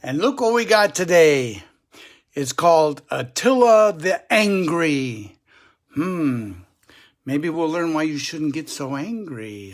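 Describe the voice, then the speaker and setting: An older man, a grandfather, gently and chattily reading a children's picture book aloud to kids. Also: fairly high pitch. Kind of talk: children's story read-aloud.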